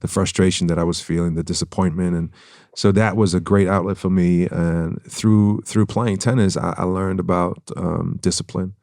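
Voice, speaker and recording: Deep-voiced man with a German lilt. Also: steady tone, creaky, a little mellow, no echo. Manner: reflective, measured, with many restarts. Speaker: guest actor. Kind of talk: casual interview. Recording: dry studio sound.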